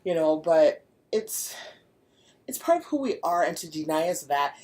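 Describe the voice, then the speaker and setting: Co-host woman, lower voice, swinging pitch, blunt profane jokes. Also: big pitch swings, unhurried, darkish tone. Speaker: podcast co-host. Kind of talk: explicit casual chat.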